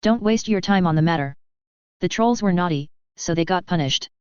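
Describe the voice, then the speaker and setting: A woman's voice: on the low side, animated, moderate pace, clear, resonant tone, dry recording, close to an everyday voice. A woman reading the lines of an easygoing male lord who talks in a casual, offhand way, on slightly dull lo-fi audio. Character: easygoing male lord, police captain's boss.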